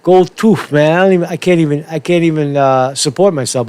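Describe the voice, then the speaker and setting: A man's voice: fairly high pitch, brisk, few pauses, darkish tone. Mocking, profane man ranting over clips. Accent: New York. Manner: mocking, rambling, repeats words. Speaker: commentary streamer. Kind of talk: profane political rant reacting to clips.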